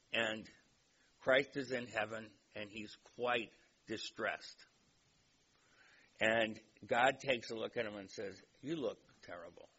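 A man's voice: lowish voice, a bit bright. A man giving a lecture in a chatty, digressive way and telling a joke, on a dull recording with faint hiss. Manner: conversational, digressive storyteller.

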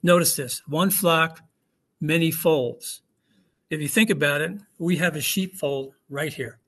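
A man preaching a sermon, his voice sitting a bit high. He talks in a relaxed way and keeps asking rhetorical questions of the congregation. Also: a little slow. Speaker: pastor. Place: church hall with congregation.

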